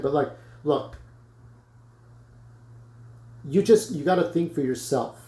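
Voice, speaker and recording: Male vlogger, blunt rant, curses freely; slightly high voice, echoey room. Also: normal speed, mellow. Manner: blunt, rambling, swears freely. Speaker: YouTuber vlogging to camera. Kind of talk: casual rant to camera.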